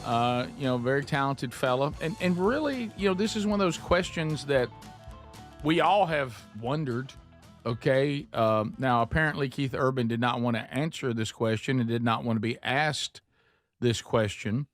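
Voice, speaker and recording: A man hosting a live talk show, chatting in a folksy, animated way. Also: medium pitch, normal speed, soft background music.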